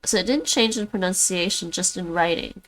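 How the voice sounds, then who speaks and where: A woman with a somewhat low voice practices words on a live stream. She repeats each word after the app and thinks aloud about accents and stress as she goes. Her talk is relaxed and unscripted. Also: normal speed, faint music behind, poor audio. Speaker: streamer learning languages.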